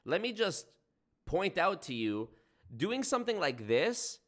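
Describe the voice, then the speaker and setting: With a high, slightly bright voice and big swings in pitch, a young livestream host rambles along unhurriedly. His casual stream commentary is sarcastic and profane.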